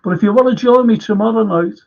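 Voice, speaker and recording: A man's voice: sits high, fast, darkish tone. An older man with a Liverpool accent hosting a live fan stream, chatting casually, reading comments and rambling through anecdotes with restarts. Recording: dull lo-fi stream audio.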